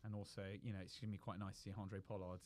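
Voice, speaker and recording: A man's voice: low voice, flat delivery, very fast, crowd noise. A man from Wales hosting a casual rugby podcast chat and signing off the episode. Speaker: podcast host.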